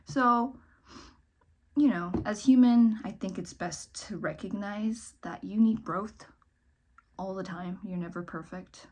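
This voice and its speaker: A young adult woman vlogger chats casually as she does her makeup for a get-ready-with-me video, rambling and poking fun at herself. She swings from bright comments to muttered asides, speaking at a medium pitch and measured pace.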